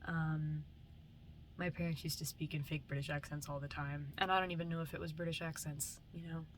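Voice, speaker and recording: A young woman with a slightly low voice drifts from thought to thought in a sleepy late-night ramble, swearing casually as she goes. Faint ambient noise hums behind her. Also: steady tone, fairly quick. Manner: drowsy, meandering, casual swearing. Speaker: vlogger. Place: home, at night.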